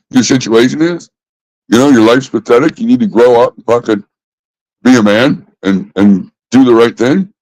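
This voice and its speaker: A man's voice: medium pitch, darkish tone, dry recording, rough recording. A man ranting casually in an exasperated, profane way, repeating himself. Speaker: vlogger. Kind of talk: casual rant.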